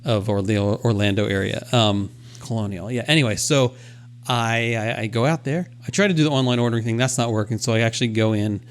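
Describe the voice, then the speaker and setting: A man's voice: mid-range voice, fairly even intonation, a little fast. A man co-hosting a podcast, telling a self-deprecating story in casual chat and acting out his own thoughts as he goes. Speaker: podcast co-host.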